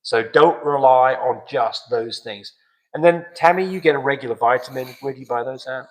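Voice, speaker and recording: A man's voice: medium pitch, normal speed, rough recording. Male live-stream host, conversational, advice-giving. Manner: relaxed, advisory, answers viewer questions. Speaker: dog breeding show host. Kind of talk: casual live-stream chat.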